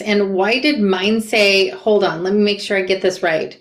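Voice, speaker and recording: A woman from Portland, Oregon reads a memoir aloud at a medium pitch. She breaks off into casual, animated asides. The room around her is echoey. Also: moderate pace, a little hiss or hum. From Portland, Oregon, USA. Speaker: book reader and commentator. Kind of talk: reading a memoir aloud with reactions.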